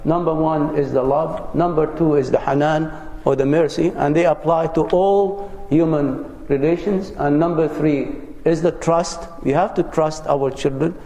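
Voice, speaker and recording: A man's voice: on the high side, fairly even intonation, unhurried, hardly any pauses, mellow. A man giving an earnest, conversational lecture as a religious teacher, sharing personal anecdotes with his audience. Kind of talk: lecture on parenting. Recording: roomy hall with long reverb.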